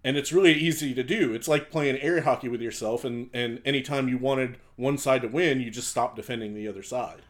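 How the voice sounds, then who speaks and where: A man co-hosting a casual podcast, explaining a story calmly and laughing easily. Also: medium pitch, a little fast, few pauses. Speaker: podcast co-host.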